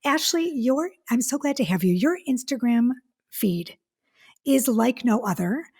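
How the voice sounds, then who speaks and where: Husky, gushing woman podcast host. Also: a little high, a little slow. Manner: gushing, excitable, restarts often. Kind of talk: casual podcast chat.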